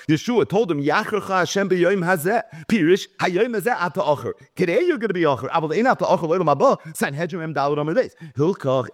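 A man's voice: on the high side, no room sound, studio quality. A man teaching a Talmud lecture. He reads Hebrew and Aramaic lines, translates them, and tells the story with animation. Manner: animated storytelling, acting out quoted speakers. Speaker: Torah teacher.

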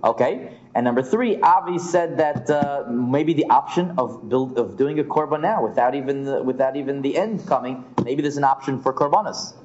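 A man's voice: medium pitch, lively intonation, normal speed, few pauses, darkish tone. A man teaching a Talmud class as a rabbi, acting out the sages' questions in a sing-song way. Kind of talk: lively Talmud class lecture. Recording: muffled lo-fi classroom recording.

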